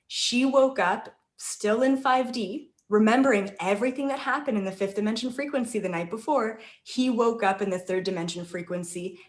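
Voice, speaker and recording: Chatty female guest, conversational storyteller, middle pitch, roomy recording. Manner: chatty, with frequent tag questions. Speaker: intuitive channeller guest. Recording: roomy echo.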